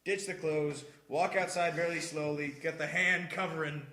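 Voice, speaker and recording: A young man with a bright, fairly high voice tells a story among friends, laughing easily as he talks. The room around him is echoey and lively. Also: normal speed. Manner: laughs often while telling a story, lively. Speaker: podcast co-host.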